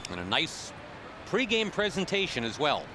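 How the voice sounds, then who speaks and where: A man's voice: on the high side, huge pitch swings, normal speed. A man doing play-by-play commentary on a baseball broadcast, joking and chatty between plays. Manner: joking, conversational. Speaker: play-by-play announcer. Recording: loud crowd and noise behind. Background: ballpark crowd.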